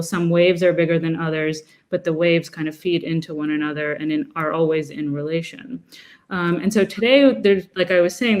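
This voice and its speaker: A woman panelist speaking in measured, articulate academic phrasing during an online discussion. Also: fairly low pitch. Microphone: video call.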